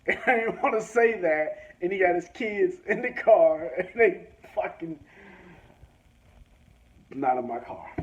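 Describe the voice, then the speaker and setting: A vlogger with a slightly high voice rants through a profane, animated story, acting out both sides of each conversation. The lo-fi recording sounds dull, with faint hiss in the background.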